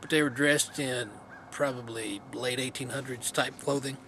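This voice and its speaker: A man's voice: medium pitch, fairly even intonation, moderate pace, sharp tone. A man vlogging outdoors in the cold wind, casually telling a story in a rambling, laid-back way with many fillers.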